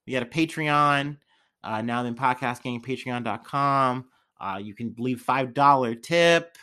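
A man's voice: medium pitch, bright, forceful tone, clean tone. A young man hosting a casual podcast, rambling loosely with lots of fillers and swearing. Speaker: podcast host. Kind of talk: casual solo podcast chat.

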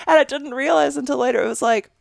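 A woman's voice: high-pitched, quick pace, vocal fry, dry recording, studio quality. A woman in her thirties co-hosting a podcast, telling stories in casual chat, laughing often and swearing freely. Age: 30s. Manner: animated storyteller, laughs and swears a lot. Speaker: podcast co-host.

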